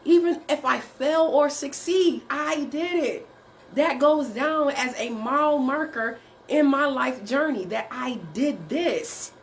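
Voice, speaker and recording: A woman's voice: high-pitched, takes it slowly, slight background noise. A woman coach giving a faith-based motivational talk, speaking in a preachy, encouraging way with rhetorical questions. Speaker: writing coach.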